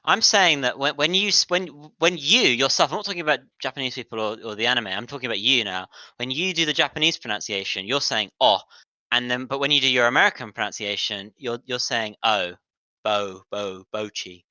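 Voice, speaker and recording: A man's voice: medium pitch, fast talker, hardly any pauses, no echo. A British man co-hosting a stream, pushing back in casual chat with many stammered restarts. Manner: stammering restarts, lively pushback. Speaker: streamer co-host.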